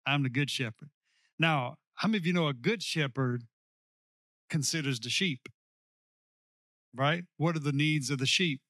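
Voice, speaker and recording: A male pastor preaching a sermon, slowing down to stress key lines and calling on the congregation to repeat after him. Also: a little high, fairly bright tone, no room sound, studio quality. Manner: preaching with call-and-response to the congregation.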